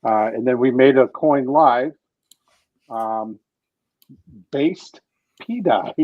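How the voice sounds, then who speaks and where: A man hosting a casual crypto livestream, excitable and swearing freely as he talks to viewers. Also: medium pitch, slow, no room sound, narrow, tinny audio. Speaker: livestream host.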